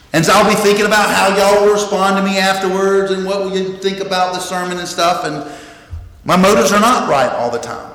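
Pastor: man, slightly high voice, earnest emphatic sermon, echoey sanctuary. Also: a bit bright. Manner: earnest, emphatic preaching with repeated phrases and restarts. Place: church sanctuary. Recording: echoey hall with long reverb.

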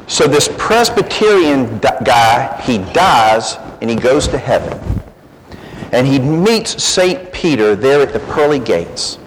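A man's voice: mid-range voice, sing-song, takes it slowly. Folksy man in a reverberant church. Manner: folksy, self-deprecating humor. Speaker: guest speaker from the Gideons. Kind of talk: church talk opening with a joke. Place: church sanctuary. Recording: long church reverb, faint hiss.

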